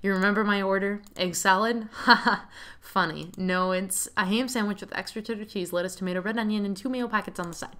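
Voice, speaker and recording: A woman voicing a friendly, easygoing middle-aged male mechanic who teases and jokes in a relaxed way. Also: medium pitch, brisk, natural voice.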